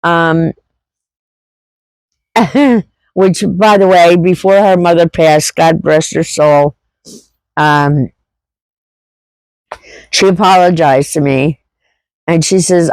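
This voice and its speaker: A woman's voice: on the low side, takes it slowly, pauses often, a little mellow, dry recording, low-quality recording. A middle-aged woman vlogger telling a personal story in a rambling, heartfelt way, full of fillers and restarts. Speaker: homesteading vlogger.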